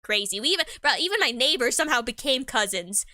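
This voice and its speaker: A woman's voice: sits high, animated, fast talker, pushed and bright, no room sound, studio quality. A woman chatting casually on a live stream, rambling in slang and laughing often.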